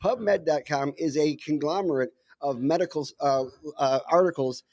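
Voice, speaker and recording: Wry male scientist co-host, fairly high voice. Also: a little mellow, dry recording. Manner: wry, explanatory, halting fillers. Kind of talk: casual chat.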